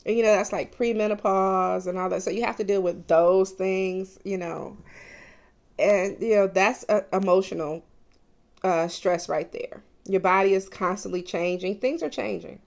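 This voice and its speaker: A woman's voice: medium pitch, normal speed, vocal fry, a little mellow. A woman in her forties talking candidly to her viewers in a casual personal vlog, confiding and open. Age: 40s. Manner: candid and confiding, addressing viewers as "you guys". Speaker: mukbang vlogger.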